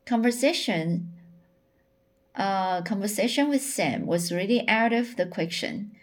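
A woman reading a novel aloud, halting often and repeating words as she corrects herself. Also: mid-range voice, animated. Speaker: audiobook reader. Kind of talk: audiobook narration.

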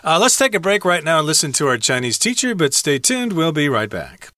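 Bright-voiced man teaching English. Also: fairly high pitch, big pitch swings, a little fast, dry recording, clean studio sound. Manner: many "uh" fillers, stretches key words. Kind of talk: radio English lesson.

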